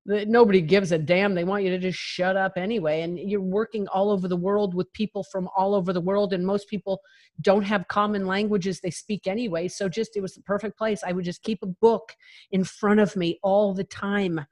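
A woman's voice: mid-range voice, fairly even intonation, a little fast, darkish tone. A woman guest in an interview, telling her own story in a frank, emphatic way and laughing between phrases. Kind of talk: candid personal storytelling.

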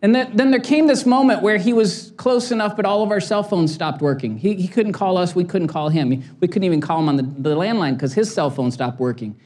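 A middle-aged male pastor delivers a sermon through an animated personal story. He acts out each quote and laughs at himself as he goes, moving from light humor to earnest urging. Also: sits high, fairly quick, hardly any pauses.

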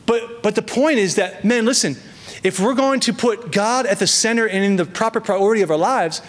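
High-voiced pastor preaching with emphasis. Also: male voice. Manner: emphatic, slows down on key phrases and repeats words; acts out voices in quoted prayers and asides. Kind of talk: sermon.

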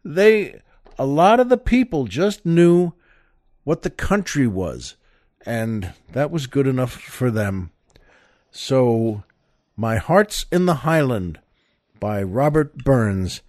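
Lively, chatty older man hosting a show. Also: medium pitch, slow pace, no echo, studio quality. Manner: chatty, enthusiastic, rambling asides. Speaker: show host. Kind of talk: casual monologue to listeners.

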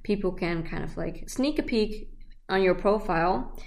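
Animated woman telling dating stories. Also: medium pitch, normal speed, gravelly. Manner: animated storytelling, acting out text exchanges. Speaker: podcast host. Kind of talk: casual chat.

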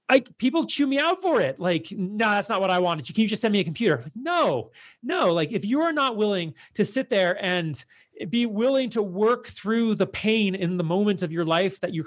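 A man speaking to his followers in a blunt, exasperated monologue, full of filler words and repeated refusals. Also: high-pitched. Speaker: online content creator.

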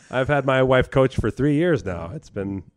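A man's voice: medium pitch, dry recording, studio quality. A man co-hosting a comedy podcast, chatting casually with stammering restarts. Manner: stammering restarts, laughing easily. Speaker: podcast co-host.

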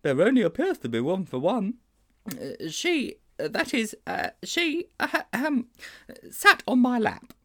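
Man putting on a lovesick schoolteacher, stammering, fretful, swooping pitch, storybook voice. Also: very animated, unhurried, bright, forceful tone, heavily acted. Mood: flustered. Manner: fretful, stammering, dramatic wailing. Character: flustered lovesick male schoolteacher, middle-aged.

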